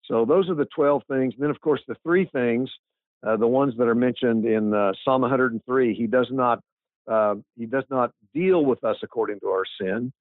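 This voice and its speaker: A man's voice: mid-range voice, normal speed, no echo. A man, a pastor and author, answering interview questions in an earnest, emphatic way with frequent restarts. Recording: tinny phone-like line.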